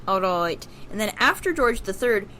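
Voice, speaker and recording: A woman's voice: mid-range voice, sing-song, normal speed, bright, forceful tone, a little hiss or hum. A woman co-hosting a casual podcast, reading out history facts with many fillers and restarts. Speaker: podcast co-host. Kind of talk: casual chat.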